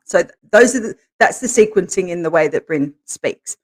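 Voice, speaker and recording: A woman co-hosting a podcast, telling candid stories in a relaxed way and laughing as she goes. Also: lowish voice, normal speed. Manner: laughs through her stories, animated quoting. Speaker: podcast co-host, interviewed as guest. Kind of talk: candid conversational storytelling.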